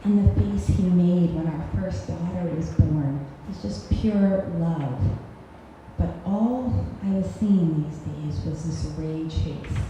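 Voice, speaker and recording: A woman in her thirties tells a personal story on stage, wry and self-mocking. Her voice sits a little low and mellow. The live recording carries a long echoing hall reverb. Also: slow. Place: cultural center hall, on stage. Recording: echoey live hall recording with faint hiss.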